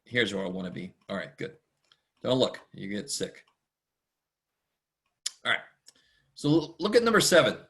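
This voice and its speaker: This math instructor has a low, slightly bright, sing-song voice. Lecturing students online in a relaxed way, he chats, rambles, jokes at his own expense, and frequently talks fast.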